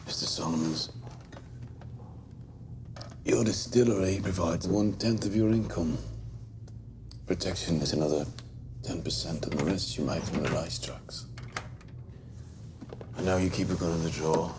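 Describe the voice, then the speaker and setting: An actor playing a cold, controlled gang boss negotiating a deal, quiet and measured. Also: male voice, low-pitched, steady tone, background noise, lightly acted. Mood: level. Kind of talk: television crime drama.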